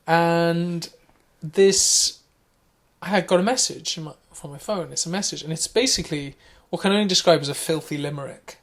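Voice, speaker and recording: A young man who co-hosts a podcast, telling a long anecdote in a rambling, animated way with lots of fillers. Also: a little high, normal speed. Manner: rambling, animated, laughing storyteller. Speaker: podcast co-host. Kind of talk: casual storytelling chat.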